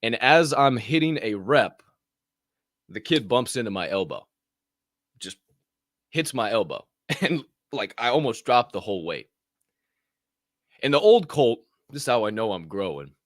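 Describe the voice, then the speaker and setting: A middle-aged man co-hosting a podcast, telling stories casually with lots of swearing and loud acted-out quotes. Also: lowish voice, normal speed, pauses often, no room sound, studio quality. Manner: animated, profane, acts out other people's voices loudly. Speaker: podcast co-host. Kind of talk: casual storytelling.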